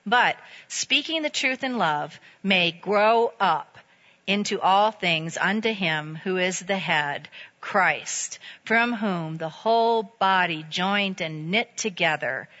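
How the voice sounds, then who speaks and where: A woman preacher delivering a sermon in a lively, conversational way, with playful asides. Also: on the high side, muffled recording.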